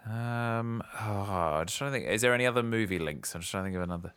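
A man's voice: lowish voice, fast, a bit bright, smooth, dry recording, studio quality. A man hosting a podcast, casually chatting about a movie, musing and hesitant while he thinks. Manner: musing, hesitant when guessing. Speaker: podcast host. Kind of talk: casual film review chat.

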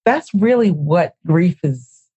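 Expressive woman in casual chat. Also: on the low side, slow pace, slightly rough, no room sound, lo-fi sound.

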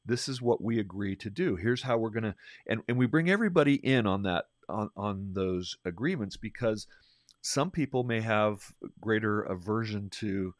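A middle-aged man with a fairly low voice tells a workplace story in a loose, conversational way. He often restarts his sentences and acts out the lines of people he quotes. The recording is dry and close. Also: lively intonation, moderate pace, no room sound. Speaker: podcast host, leadership trainer.

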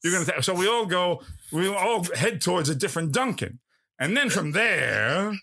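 A man's voice: high-pitched, big pitch swings, normal speed, creaky, pushed and bright, exaggerated voice. A man doing a crude, rambling old movie star. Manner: profane, rambling, jokey storytelling. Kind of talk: comedy podcast impression. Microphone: phone call.

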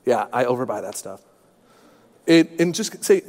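A man's voice: medium pitch, sing-song, moderate pace, a little mellow, long reverb tail. A man in his thirties preaching a sermon, telling personal stories with humor and self-deprecation. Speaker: pastor.

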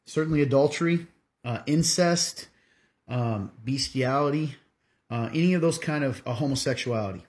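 A man's voice: mid-range voice, moderate pace, a little mellow. A man hosting a casual faith podcast, plainly and steadily answering questions about the Bible. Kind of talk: casual teaching talk.

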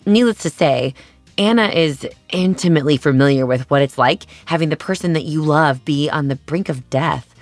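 Low voiced woman doing earnest doc narration, dry mic, soft music under. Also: moderate pace, no room sound. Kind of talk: scripted documentary narration.

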